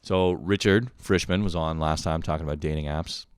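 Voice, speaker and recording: A man's voice: very deep voice, fairly even intonation, normal speed, clear, resonant tone, no room sound, studio quality. A young man from Canada hosting a podcast, telling stories in a rambling, profane, casual monologue and laughing often. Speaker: podcast host.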